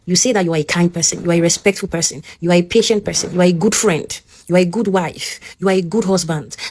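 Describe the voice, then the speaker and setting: A woman's voice: fairly low pitch, fast talker, darkish tone, slight background noise. A woman with a Nigerian English accent giving a motivational teaching talk, speaking earnestly and directly to the listener and often checking in with them.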